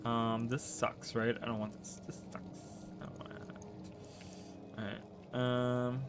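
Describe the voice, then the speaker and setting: A man's voice: medium pitch, level tone, slow pace, noisy background. Rambling male streamer chatting with viewers. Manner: rambling, trips over words and restarts, teases chat. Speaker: gaming streamer. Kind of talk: casual livestream chat while gaming.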